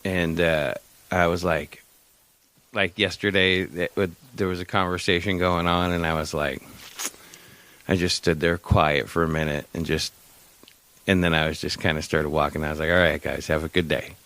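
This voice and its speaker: A man's voice: low voice, little pitch movement, normal speed, a bit bright, dry recording. A middle-aged man co-hosting a casual podcast, rambling through a story, losing his thread and cracking jokes. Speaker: podcast co-host. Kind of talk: casual chat.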